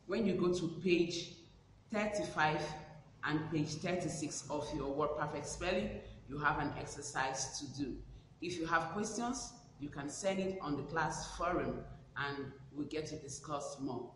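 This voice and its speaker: A man leads a spelling lesson, voicing each word with slow, careful deliberation. His voice sits slightly high. The recording carries a long, roomy reverb and a faint hiss. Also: fairly bright tone. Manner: slow, deliberate pronunciation drill. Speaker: teacher. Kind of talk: reading a spelling lesson aloud.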